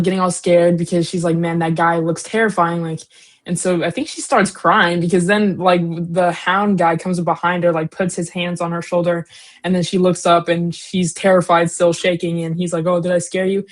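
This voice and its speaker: A woman's voice: on the low side, level tone, moderate pace. A woman co-hosting a casual book discussion podcast, recapping chapters in a rambling, slangy way full of fillers and giggles. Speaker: co-host, daughter.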